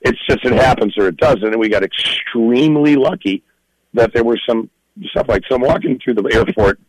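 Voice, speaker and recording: A film director being interviewed, telling stories in a lively, animated way and laughing often. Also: male voice, mid-range voice, moderate pace, low-quality recording. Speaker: film director and writer, guest. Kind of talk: storytelling in a podcast interview.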